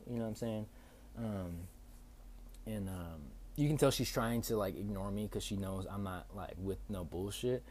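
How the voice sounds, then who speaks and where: A young man hosting a podcast, telling a story in a casual, profane, animated way with lots of fillers. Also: on the low side, normal speed, slight background noise. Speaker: podcast host.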